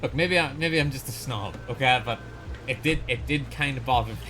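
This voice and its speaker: A young man with a bright, forward voice talks over a game at his desk mic, swearing freely and rambling through an exasperated rant. Faint game music sits underneath. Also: mid-range voice, brisk. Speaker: streamer. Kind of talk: casual gameplay commentary and ranting.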